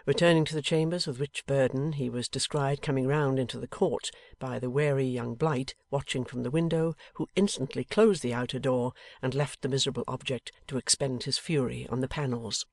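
A man reading a classic novel aloud as an audiobook narrator, in a measured, dramatic way. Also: medium pitch, fairly even intonation, dry recording. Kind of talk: scripted narration.

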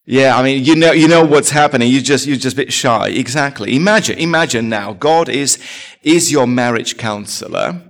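A man preaching a sermon as pastor, asking his congregation rhetorical questions. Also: mid-range voice.

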